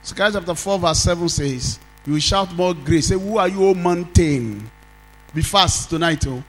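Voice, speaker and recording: A man's voice: sits high, moderate pace, rough recording. A Nigerian man preaching a sermon as pastor, leading call-and-response and drawing out sung phrases.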